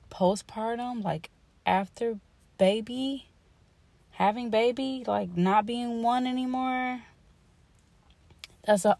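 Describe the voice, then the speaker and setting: A woman's voice: mid-range voice, a little mellow, no room sound. Rambling, emotional young woman. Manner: rambling and emotional, full of "like" and restarts. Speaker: podcast host. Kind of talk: casual personal monologue.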